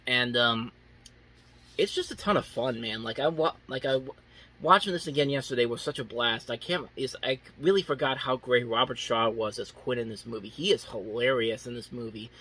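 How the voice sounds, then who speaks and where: A man's voice: medium pitch, normal speed, sharp tone, slightly rough. Rambling, enthusiastic young man reviewer. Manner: rambling, many restarts and "like" fillers. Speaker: movie reviewer. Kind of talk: casual unscripted review.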